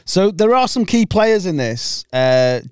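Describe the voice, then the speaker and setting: A man trades dry, mocking jokes in a casual podcast chat. His voice sits a little high and sounds close and dry. He talks loosely, teasing the others. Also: very animated, a little slow, darkish tone, smooth, dry recording. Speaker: podcast co-host.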